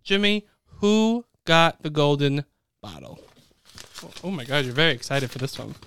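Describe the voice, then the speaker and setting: A man hosting a casual podcast chat, talking fast and animated as he announces award nominees. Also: a little high, smooth. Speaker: podcast host.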